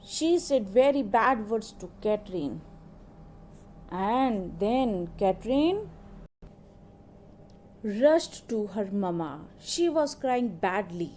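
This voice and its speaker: A woman teaching an English lesson who explains new words slowly and repeats them for her students. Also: mid-range voice, expressive, darkish tone, a little hiss or hum. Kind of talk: classroom lesson.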